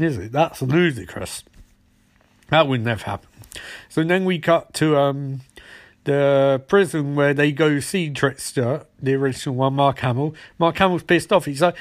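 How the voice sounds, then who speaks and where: A man rattles through a comedic recap of a TV episode, full of sarcasm. His voice sits high for a man, and he jumps into the characters' lines as he goes.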